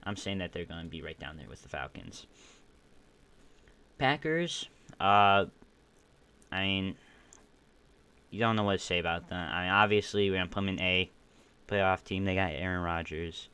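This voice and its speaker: This young streamer's low voice is bright, forceful and smooth, moving at a moderate pace with frequent pauses. Hosting his own podcast, he ranks football teams in a loose, opinionated ramble with many restarts, sounding groggy and burping now and then.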